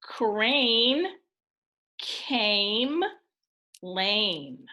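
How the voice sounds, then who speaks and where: A woman teacher giving a recorded phonics lesson to young children, speaking in an encouraging way and enunciating each word clearly. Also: medium pitch, lively intonation, very slow, pushed and bright. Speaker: elementary school teacher.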